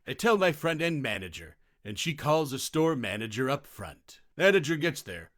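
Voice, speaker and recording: A man's voice: on the high side, big pitch swings, normal speed, fairly bright tone, no echo, studio quality. A man narrating retail stories from an online forum in a scripted reading style.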